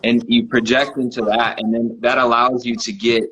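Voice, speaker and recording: A man hosting a casual chat from his living room, relaxed and laughing often, with lots of fillers. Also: medium pitch, normal speed, a little hiss or hum, rough recording. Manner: laid-back, laughs often, many fillers. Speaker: host.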